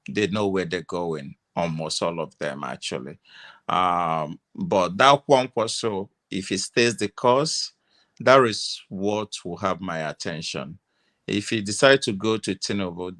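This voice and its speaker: A man's voice: low voice, a little slow, a bit bright. A man giving his view on an online panel, hesitant with restarts and fillers.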